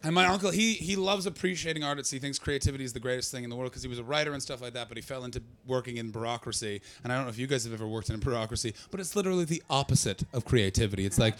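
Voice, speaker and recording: A man from Canada doing a stand-up comedy set, sarcastic and excitable, throwing asides to the crowd. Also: mid-range voice, very fast, hardly any pauses.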